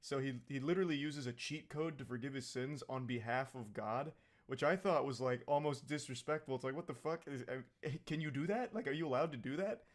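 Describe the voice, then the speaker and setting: A man's voice: mid-range voice, a little fast. Profane, sarcastic man recapping a movie. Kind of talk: casual comedic movie recap.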